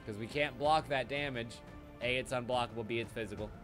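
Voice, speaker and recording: A man giving live commentary while he plays a video game, excitable and quick to swear when things go wrong. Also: medium pitch. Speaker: game streamer. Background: game music.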